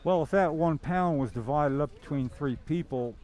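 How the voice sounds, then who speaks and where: A man's voice: on the high side, normal speed, a little mellow. A man hosting a podcast, rambling casually and chuckling as he talks. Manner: rambling, chuckling, restarts often. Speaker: podcast host. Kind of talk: casual chat.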